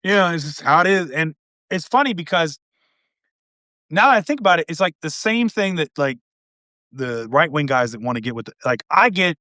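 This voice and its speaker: A podcast host with a voice on the high side and a sharp tone talks in a laid-back, rambling way with lots of restarts, animated and at a moderate pace. It's casual conversation, recorded with studio quality and no room sound.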